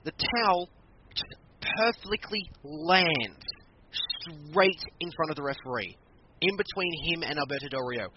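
A man's voice: fairly high pitch, measured pace. A man co-hosting a casual podcast, animatedly retelling a wrestling match and acting out what people said. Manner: animated storytelling, acts out quotes. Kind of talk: casual chat recapping matches. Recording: muffled lo-fi audio with background noise.

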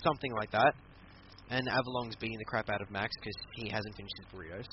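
A man co-hosting a casual podcast, recapping a wrestling match in an animated way and acting out what people said. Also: on the low side, fast. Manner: animated, laughing, acts out quotes. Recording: muffled lo-fi recording with clear background noise.

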